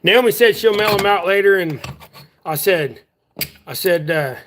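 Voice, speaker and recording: A chatty man with a drawl rambles easily through a live stream. His voice sits a little higher than most men's, and he talks in a relaxed, offhand way. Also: unhurried, background noise. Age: adult. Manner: chatty, drawling, easygoing, talks while working with his hands. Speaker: livestream host. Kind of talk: casual rambling livestream chat.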